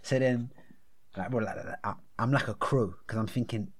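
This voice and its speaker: A young man, telling a long story as a podcast co-host, animated and full of slang, acting out what people said. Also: moderate pace, husky. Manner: animated, slangy, acts out quotes with big pitch jumps. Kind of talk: casual storytelling chat.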